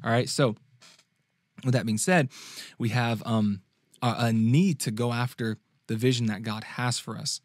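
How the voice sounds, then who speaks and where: Young male preacher, mid-pitched, casual and conversational, dry close sound. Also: steady tone, measured pace, no echo. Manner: conversational, restarts often, acts out quotes in a higher sung voice. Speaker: youth preacher and podcast host. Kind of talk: casual sermon-style talk.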